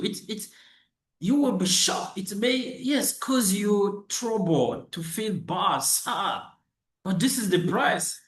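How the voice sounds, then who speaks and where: Slow, animated man in an echoey room. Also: sits high. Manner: repetitive, emphatic, with restarts and rhetorical questions. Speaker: motivational speaker. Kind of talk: motivational monologue.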